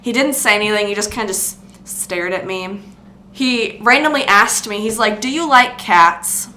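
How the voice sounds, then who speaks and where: A young woman chats through a casual storytime, her voice bright and sharp-edged. She rambles, stacks filler words and restarts sentences. The room around her is echoey. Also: medium pitch, moderate pace, slight background noise. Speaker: vlogger recounting retail job.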